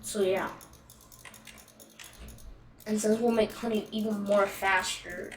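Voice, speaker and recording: A woman's voice: medium pitch, fairly even intonation, slow pace. A woman giving casual gameplay commentary as a channel host, thinking aloud in a hesitant, rambling way. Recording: echoey room, distant mic, faint noise.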